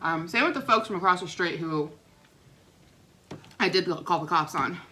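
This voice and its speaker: A young woman telling a rambling neighbor story in a casual vlog, chatty and animated. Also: lowish voice, moderate pace, slight background noise. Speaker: vlogger. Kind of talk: casual storytime while eating.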